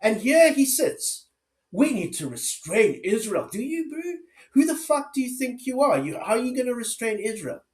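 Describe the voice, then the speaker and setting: A man's voice: very high-pitched, lively intonation, moderate pace, a little mellow. A man giving an angry political rant, swearing heavily and firing off sarcastic rhetorical questions. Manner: furious, heavy swearing. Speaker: political commentator. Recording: roomy echo.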